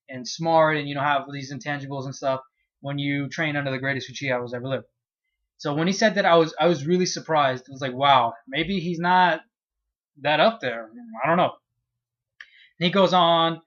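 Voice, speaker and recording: Man, casual manga review, profane, animated, slightly high voice, dull lo-fi recording. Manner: profane, animated retelling with acted-out reactions.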